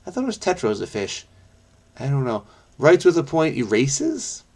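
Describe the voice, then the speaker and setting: A man thinking aloud as he solves a crossword, muttering to himself with many fillers and self-corrections, quick bursts between slower musing. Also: mid-range voice, wildly swooping pitch, a little mellow. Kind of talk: thinking aloud while solving.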